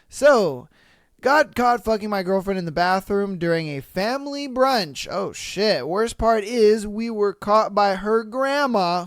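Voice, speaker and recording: A man's voice: high voice, clean tone, no room sound, studio quality. A man hosting a podcast, reading out listener stories and reacting with crude jokes and laughter. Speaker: podcast host.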